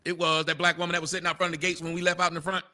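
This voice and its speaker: Loud, mocking man ranting. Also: on the high side, level tone, racing. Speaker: show host. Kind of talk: heated online audio rant. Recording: online voice chat.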